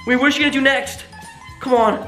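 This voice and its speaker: A reaction video host giving excited commentary, shouting and gasping often. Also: sits high, quick pace. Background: background music.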